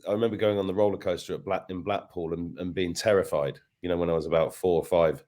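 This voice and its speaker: A man's voice: sits low, fairly even intonation, quick pace, a little mellow. A middle-aged man from England hosting a casual interview, rambling and often restarting his sentences. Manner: rambling, self-interrupting storyteller. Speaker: podcast host.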